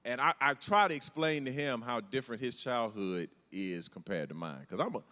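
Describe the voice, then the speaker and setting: A man's voice: medium pitch, normal speed. A middle-aged man, doing a self-deprecating stand-up comedy set in a large church hall. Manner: storytelling, animated, self-deprecating. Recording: hall reverb from a large venue.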